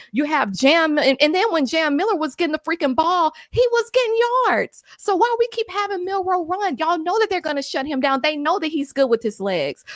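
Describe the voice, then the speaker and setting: Fired-up high-voiced woman ranting. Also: a bit bright, no room sound, studio quality. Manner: blunt, fired-up, repeats herself when angry. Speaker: post-game show panelist. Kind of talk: heated sports talk rant. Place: at home. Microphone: own microphone on a video call.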